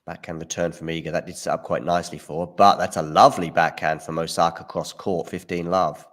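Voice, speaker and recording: A man with a very low, deep voice calls a tennis match as it happens. His play-by-play is relaxed and mixed with his own opinions on the points. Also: fairly quick. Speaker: watchalong host. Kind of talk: live match commentary.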